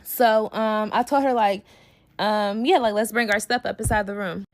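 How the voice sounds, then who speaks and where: A woman's voice: mid-range voice, fairly even intonation, normal speed. A young adult woman telling a casual storytime, blunt and heated, with heavy swearing.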